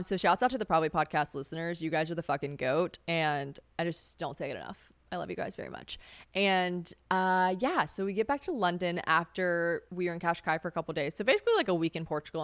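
A woman's voice: fairly bright tone, smooth, no room sound. A young woman hosting a casual solo podcast, chatty and swearing freely, often acting out what others said. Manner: chatty, swearing, laughs, acts out quotes in a high voice. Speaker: podcast host.

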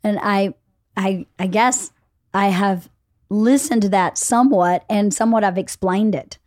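A middle-aged woman hosting a casual podcast conversation, telling stories with lively acted-out quotes. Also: mid-range voice, measured pace, dry recording, studio quality. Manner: animated storyteller, acts out quotes. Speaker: podcast host.

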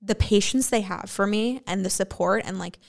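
A woman co-hosting a chatty podcast, with a gravelly, creaky edge to her voice. She talks candidly and gets emotional, dropping swear words as she goes. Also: mid-range voice, normal speed. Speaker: podcast co-host. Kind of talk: casual podcast chat.

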